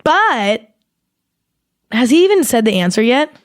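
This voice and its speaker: A young woman hosting a casual solo podcast, rambling and swearing as she talks in an animated, exaggerated way into a close mic. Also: a little high, measured pace, no room sound. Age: young adult. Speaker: podcast host.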